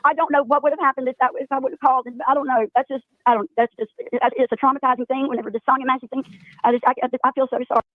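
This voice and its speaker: A woman calling in by phone, telling an upsetting story in a halting, tearful way. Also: high-pitched, fairly even intonation, no echo. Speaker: caller. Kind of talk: emotional phone call on a livestream. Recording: tinny phone line.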